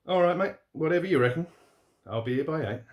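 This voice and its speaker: A man's voice: a little high, expressive, quick pace, voice pushed up, lightly acted. Man voicing brash young Aussie trucker Rich. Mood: brushing off. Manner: cocky, swearing, laddish. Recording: roomy echo.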